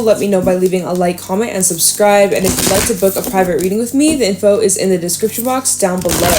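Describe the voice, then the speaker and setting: A young woman giving a casual, chatty tarot reading. She fills her talk with fillers and sometimes jumps into loud, high-pitched acted lines. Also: background noise. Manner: chatty, upbeat, lots of fillers, acts out voices with loud high bursts. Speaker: tarot reader.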